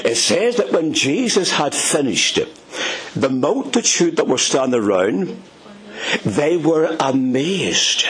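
A man's voice: medium pitch, fairly bright tone. A man with an Ulster accent preaching a sermon, addressing his listeners as dear friends and dropping into whispers for emphasis. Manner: dramatic, drops to whispers for emphasis.

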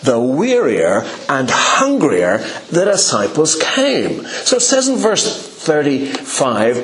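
A man's voice: medium pitch, wildly swooping pitch, slow, few pauses, fairly bright tone, a little hiss or hum. A man preaching a sermon, telling a Bible story with rhetorical questions and acted-out quotes. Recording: echoey room.

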